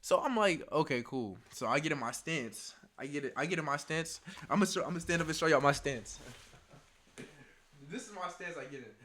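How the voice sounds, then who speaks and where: A young man recounts a story in a loose, slang-heavy way, his voice sitting a little high. He laughs often and acts out the back-and-forth as he goes. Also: expressive, brisk, a bit bright. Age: young adult. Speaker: storyteller vlogger. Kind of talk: casual storytime.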